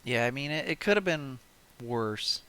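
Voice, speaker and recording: A young man hosting a podcast, chatting casually in halting talk with many fillers. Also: medium pitch, animated, pushed and bright, smooth, no room sound. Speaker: podcast host. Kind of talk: casual chat.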